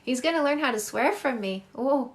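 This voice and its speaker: Her voice sits high and sounds animated. She's a middle-aged Canadian woman coaching on dating through a live stream on her phone, gushing over comments in a casual, effusive, quick, chatty way.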